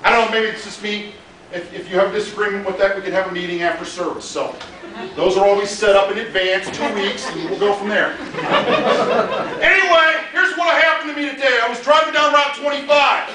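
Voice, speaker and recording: A man's voice: sits high, brisk, recorded from a distance, noisy background. A Midwestern American man, a pastor, telling a funny story in a sermon with lots of laughter. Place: church hall in a mall. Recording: very echoey hall from afar.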